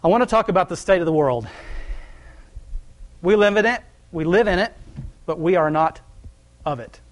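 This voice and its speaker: Male lay preacher, casual folksy delivery, slightly higher voice. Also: expressive. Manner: conversational, folksy preaching with quick laughs. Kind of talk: sermon.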